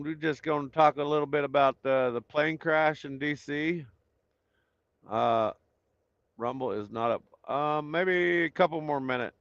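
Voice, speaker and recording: A man with a slightly high, somewhat bright voice hosts a casual live stream at an unhurried pace, greeting viewers by name and reading their comments. He chats loosely with plenty of fillers while waiting to begin; the recording is muffled, with no room sound.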